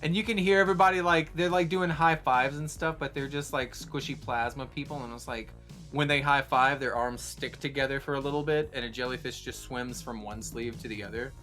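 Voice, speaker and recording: A man running a tabletop game as game master, chatty and quick to laugh. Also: mid-range voice, fairly even intonation, sharp tone, faint music behind.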